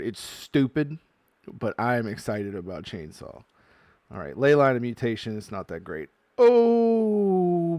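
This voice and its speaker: A man with an unhurried, drawn-out delivery chats his way through a box of trading card packs. He reads card text aloud and breaks into loud excitement over good pulls. The voice sits close and dry, with little room sound. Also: mid-range voice, no room sound. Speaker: card-opening video host. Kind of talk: casual unboxing commentary.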